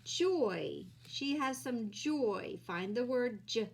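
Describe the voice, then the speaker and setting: A woman teaching young children phonics, slowly sounding out letters and vowel sounds with patient encouragement. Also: a little high, animated, gravelly.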